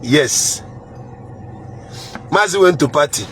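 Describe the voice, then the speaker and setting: A man's voice: fairly high pitch, lively intonation, slow pace, a bit bright, slight background noise. A man with a Nigerian accent hosting a casual live chat, reading viewer comments in a playful way, chuckling and repeating phrases.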